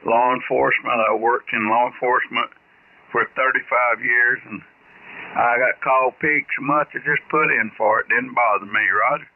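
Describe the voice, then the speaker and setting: An older man from Alabama, speaking over a ham radio link that sounds tinny and narrow, like a phone line. His voice is husky, and he talks in a folksy, plain-spoken way. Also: mid-range voice, fairly even intonation, normal speed. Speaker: caller.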